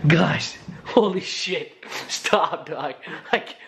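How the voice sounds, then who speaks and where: A young man in his twenties hosting a casual vlog, teasing his friends in a loud, slangy, excitable way. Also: a little high, very slow, gravelly. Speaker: vlogger.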